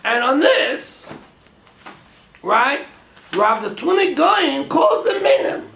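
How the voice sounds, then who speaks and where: A man gives a Talmudic lecture in Yeshivish English, dropping Hebrew and Aramaic terms as he thinks aloud. His voice sits high and swings widely when he gets excited, with a gravelly rasp. The room around him sounds echoey. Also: slow, long pauses. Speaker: Torah teacher. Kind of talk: Talmudic lecture to a small class.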